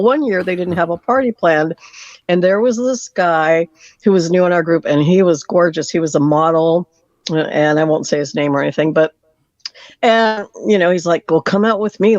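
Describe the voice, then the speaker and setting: A caller tells a long story over the phone, lively and animated, putting on the voices of the people in it. The voice sits at a mid pitch. The sound is dull and dry, like a phone line. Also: no echo. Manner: lively storyteller acting out quoted lines. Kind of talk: telling a story on a call-in show. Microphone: phone call.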